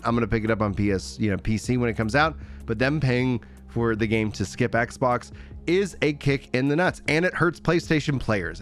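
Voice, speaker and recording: A man rambling through gaming opinions in a casual solo commentary, with lots of restarts and filler. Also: medium pitch. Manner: rambling, animated, many restarts.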